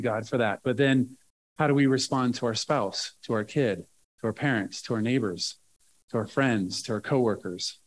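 A man pastor preaching a sermon in a conversational way, often checking in with the room. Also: medium pitch.

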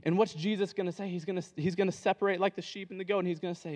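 A man preaching a sermon in a casual, conversational way, acting out the characters of a parable in quick dialogue. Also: high voice, fairly even intonation, darkish tone, in a large hall.

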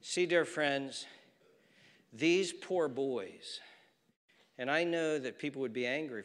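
A middle-aged man preaching a sermon with dramatic swings from loud to a hushed near-whisper, repeating phrases for emphasis, recorded in a church hall with a long reverb. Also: mid-range voice, takes it slowly, pauses often. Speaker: pastor.

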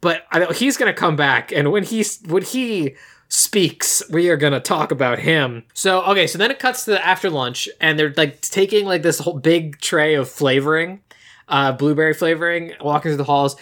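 A man's voice: a little high, normal speed. Chatty man recapping a movie. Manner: animated retelling, acts out quoted lines, heavy "like" filler. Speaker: podcast co-host. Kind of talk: casual movie recap chat.

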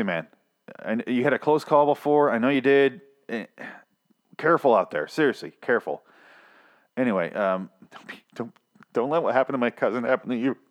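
Profane, sarcastic man ranting casually. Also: mid-range voice. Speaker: podcast host reviewing TV.

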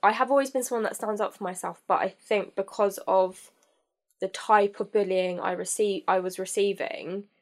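A young woman telling a personal story as a podcast guest, candid and halting, with many fillers and restarts. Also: medium pitch, fairly even intonation.

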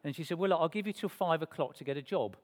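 A man telling his life story to a church congregation in a lively, self-mocking way, acting out the dialogue. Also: on the high side, quick pace. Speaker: speaker sharing his testimony to a church congregation. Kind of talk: personal storytelling. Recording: long reverb of a church hall.

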